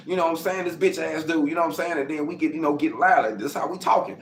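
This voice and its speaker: A man from Arkansas, casually telling his life story to camera, acting out quotes and sound effects and getting loud as he goes. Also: a little high, animated, fast talker, hardly any pauses. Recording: roomy with faint background noise.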